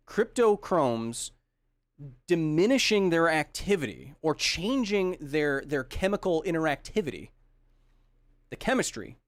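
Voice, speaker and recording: A man's voice: a little high, no echo. Upbeat science podcast host, man. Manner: enthusiastic, jokey, reads chat comments aloud. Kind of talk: casual livestream Q&A.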